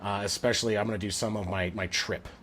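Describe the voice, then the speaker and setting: A man's voice: on the low side, fairly even intonation, fast talker, a bit bright. A man around forty hosts a live sports stream in an easy, rambling chat. He talks with plenty of fillers and restarts, and his voice comes through a Bluetooth headset. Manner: chatty, rambling, many fillers.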